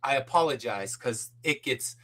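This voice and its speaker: A man's voice: mid-range voice, lively intonation, moderate pace, pushed and bright. A middle-aged man, a podcast guest, telling a story in casual chat and acting out the people he quotes, with casual swearing.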